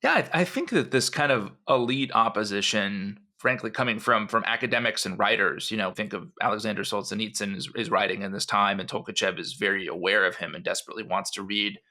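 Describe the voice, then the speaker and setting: Here a male podcast co-host with a fairly low, bright, forceful voice tells a history story at a brisk clip with few pauses. He's a rambling storyteller, drifting into asides, leaning on "you know," and restarting often.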